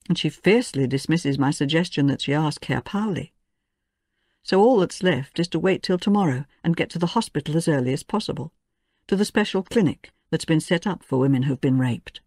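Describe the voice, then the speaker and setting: A woman reading a first-person audiobook in a measured, even storytelling manner. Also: sits low, no room sound, clean studio sound. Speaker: audiobook narrator. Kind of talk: scripted first-person narration.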